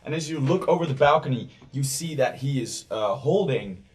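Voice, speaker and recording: A man narrating as game master, loose and full of fillers, breaking into loud character voices. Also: mid-range voice, animated, normal speed, recorded from a distance.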